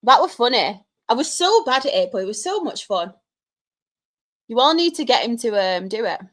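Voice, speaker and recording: A woman's voice: fairly high pitch, sing-song, moderate pace, a bit bright. A young woman with a Mancunian accent, chatting casually with her live-stream audience, laughing often and trading banter with chat. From Manchester, England. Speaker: streamer answering chat questions.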